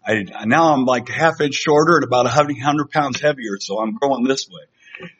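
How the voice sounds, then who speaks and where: A man's voice: medium pitch, moderate pace, fairly bright tone, slightly rough. A middle-aged man preaching a sermon to a congregation in a conversational, self-deprecating way, with fillers and restarts. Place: church sanctuary. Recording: slightly dull lo-fi sound.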